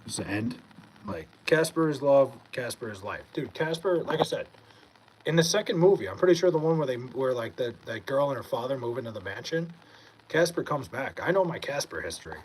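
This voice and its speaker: A young man, from Long Island, talks in a loose, laid-back way as he reacts to a chat stream. He is high, swears easily, and keeps a middle-pitched, casual tone. Faint noise sits under the recording. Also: lively intonation, fairly quick, poor audio. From Long Island, New York. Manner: laid-back, reads comments aloud, swears, says dude often. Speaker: livestreamer reading chat.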